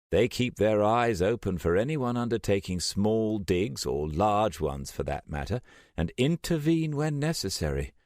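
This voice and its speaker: A man's voice: low voice, no echo, studio quality. A man voicing an earnest, driven woman archaeologist. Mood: serious.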